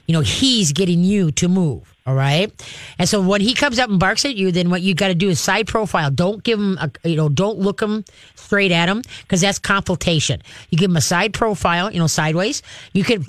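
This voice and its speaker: A dog trainer hosting a call-in show, giving direct, practical advice and acting out calm commands to dogs. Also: mid-range voice, no echo.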